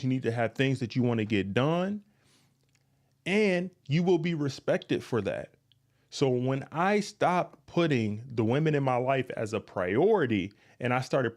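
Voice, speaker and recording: A man hosting a podcast, giving blunt, emphatic dating advice straight to listeners and repeating his points. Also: medium pitch. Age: adult, past his youth. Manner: emphatic, repetitive, blunt and frank. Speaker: podcast host. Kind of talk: direct-to-listener advice monologue.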